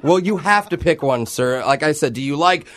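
A man on a radio show runs a prank call, acting as a mock-polite city clerk. His somewhat high voice swings widely in pitch, and his calm, deadpan courtesy stays level. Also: moderate pace, crowd noise.

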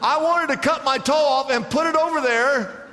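A man's voice: very high-pitched, moderate pace, bright, forceful tone. A man preaching a sermon in a church, emphatic and calling for responses from the congregation, stretching out key words. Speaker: pastor. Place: church sanctuary. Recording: church hall reverb.

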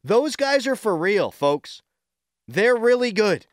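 Excitable sports radio host, man. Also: high voice, slow, no room sound, studio quality. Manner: excitable, shouts in disbelief. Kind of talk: morning sports talk radio.

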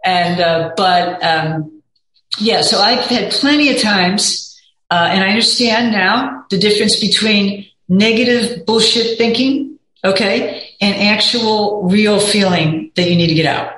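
A woman's voice: mid-range voice, measured pace, fairly bright tone. Candid rambling middle-aged woman, echoey room. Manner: rambling, candid, peppered with 'you know'. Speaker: guest. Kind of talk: casual interview chat.

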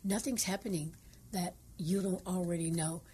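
Woman, radio co-host, mellow, low voice, earnest, quotes scripture. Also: fairly even intonation, normal speed, breathy edge. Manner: earnest, devotional, quotes scripture, dips into hushed asides. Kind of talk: radio call-in talk.

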